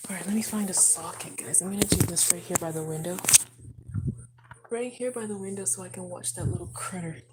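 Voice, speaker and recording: Young woman, casual home vlog, chatty, slightly low voice, loud background noise. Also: fairly quick. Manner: chatty, talks to viewers while doing chores. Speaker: vlogger. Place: home and yard on a military base.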